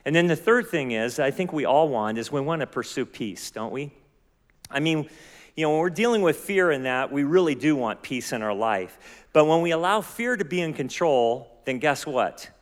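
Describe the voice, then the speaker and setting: An animated man with a slightly high voice preaches as pastor at a moderate pace, earnestly and with frequent questions for his listeners. Long hall reverb colors the recording.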